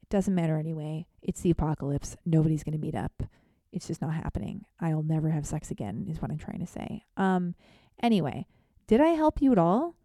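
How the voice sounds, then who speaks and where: A woman telling a funny personal story in an animated, self-deprecating, theatrical way. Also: sits low, a little fast, dry recording, clean studio sound. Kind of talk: comedic storytelling monologue.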